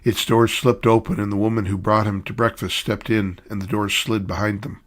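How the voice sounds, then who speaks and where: A man narrating a short story in a measured storytelling way. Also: on the low side, little pitch movement, a bit bright.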